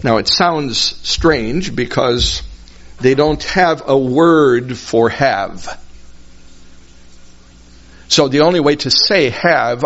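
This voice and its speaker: A man slowly teaching a Bible passage verse by verse, patiently explaining each phrase and repeating himself. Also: mid-range voice. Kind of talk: slow verse-by-verse Bible lesson. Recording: dull lo-fi recording.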